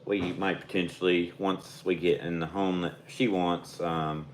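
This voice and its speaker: A man's voice: sits low, little pitch movement, measured pace, a little hiss or hum. A young man with an Arkansas Southern accent, co-hosting a casual livestream and speaking hesitantly, with many ums and restarts. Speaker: livestream co-host.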